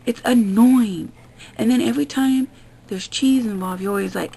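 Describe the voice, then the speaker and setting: A woman's voice: on the high side, moderate pace, creaky, mellow, breathy edge, low-quality recording. A woman vlogger ranting bluntly with lots of swearing, sounding fed up. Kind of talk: ranting commentary vlog.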